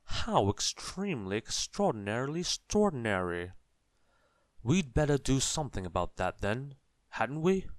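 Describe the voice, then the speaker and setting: A man voicing a wise, brisk old wizard with loud, emphatic exclamations, in a storybook read-aloud. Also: fairly low pitch, animated, no echo.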